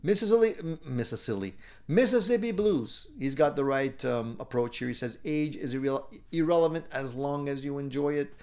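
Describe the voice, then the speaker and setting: A man's voice: mid-range voice, moderate pace, darkish tone. A middle-aged man hosting a live stream, reading viewer comments aloud and answering them in an upbeat, encouraging way, chuckling often. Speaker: live show host.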